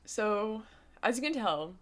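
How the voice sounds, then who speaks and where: A woman in her twenties telling a personal story, emotional and casual, her voice going shaky and soft at times. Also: mid-range voice, lively intonation, slow pace. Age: 20s. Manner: emotional, voice goes shaky and soft, casual filler-heavy talk. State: close to tears. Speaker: vlogger.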